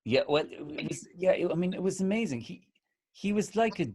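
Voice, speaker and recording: A man's voice: high-pitched, animated, fairly quick, darkish tone, breathy edge. An Irish man around forty co-hosting a casual conversation, eager and full of restarts, holding things up to show the audience. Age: 40s. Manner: eager, restarts his sentences, shows things to the camera. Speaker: co-host.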